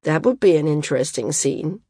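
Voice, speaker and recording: A cool, bitter young man flyer in an audiobook, read by a woman narrator. His voice stays level and sardonic, on the low side. The recording is dry. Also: lively intonation, moderate pace, mellow, slightly rough, dry recording.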